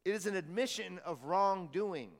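A pastor preaching a sermon in a church, talking conversationally and asking the congregation questions. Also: male voice, sits high, lively intonation, normal speed, in a large hall. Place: church hall.

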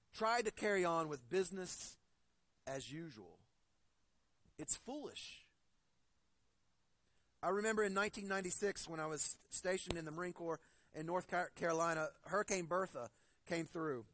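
A man's voice: a little high, a bit bright, no room sound. A man in his forties preaching a sermon, earnest and building to emphatic stresses, weaving personal stories into his point. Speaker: pastor.

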